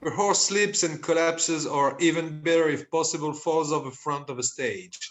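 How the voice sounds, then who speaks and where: A man's voice: a little high, normal speed, a bit bright. A man reading stage directions aloud in a plain, amused manner in an amateur play reading.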